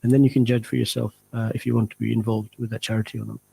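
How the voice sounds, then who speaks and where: A man speaking as a charity guest on a radio interview, talking in a measured, earnest way and slowing down to stress his points. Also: medium pitch, level tone, gravelly, dark tone, breathy edge, poor audio.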